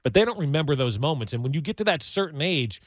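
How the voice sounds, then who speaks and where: A man's voice: fairly high pitch, very animated, fast, no room sound, studio quality. Talkative sports radio host, man.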